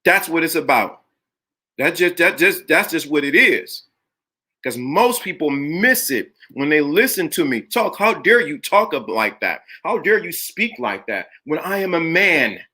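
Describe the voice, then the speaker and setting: Emphatic, bright-voiced livestream host man. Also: on the high side. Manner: emphatic, preachy, repeats phrases for effect; greets chat viewers by name. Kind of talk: live-streamed talk show monologue.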